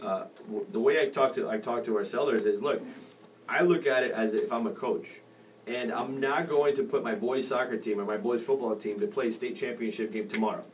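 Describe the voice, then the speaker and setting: A man's voice: medium pitch, fairly quick. A middle-aged man talks through real estate advice on a radio show. He wanders, restarts his sentences and leans on fillers. His voice sits a little far from the mic, with a faint hiss under it. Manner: rambling with many fillers and restarts. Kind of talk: casual radio advice talk. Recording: distant mic with faint noise.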